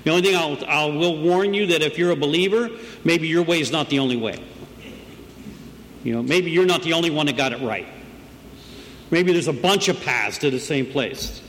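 A man's voice: on the high side, moderate pace, fairly bright tone. A middle-aged man telling his recovery story to a group in a conversational storytelling way, often asking "right?". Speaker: recovery meeting speaker. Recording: long reverb in a room, faint background noise.

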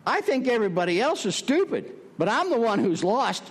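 An older man tells his recovery story in a folksy, rambling way, full of fillers and restarts. His voice climbs higher whenever he turns to preaching. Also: very animated, a little fast, breathy edge. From Prescott, Arizona. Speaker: recovery speaker. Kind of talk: recovery meeting share.

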